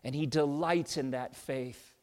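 A middle-aged man preaching an expository sermon, dropping to soft, tender lows and rising to loud, emphatic peaks. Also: fairly even intonation, unhurried. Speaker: pastor.

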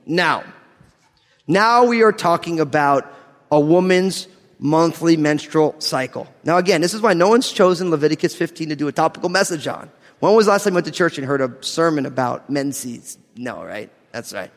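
High-voiced pastor in a reverberant hall. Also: male voice, normal speed. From New Jersey. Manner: animated, jokey asides, laughs through lines. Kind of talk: sermon with humorous storytelling.

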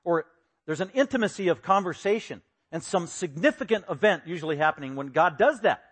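A male pastor delivers a verse-by-verse sermon in a voice pitched a little high. He is animated and theatrical, slipping into the voices of the people he quotes and jumping to sudden loud bursts. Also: fairly quick, husky. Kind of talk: expository sermon.

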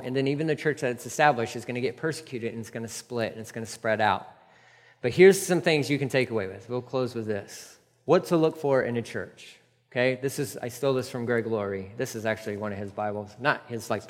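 Pastor preaching in an echoing hall. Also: male voice, a little high. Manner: conversational, emphatic preaching with asides. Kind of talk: sermon. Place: church sanctuary. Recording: long reverb of a church hall.

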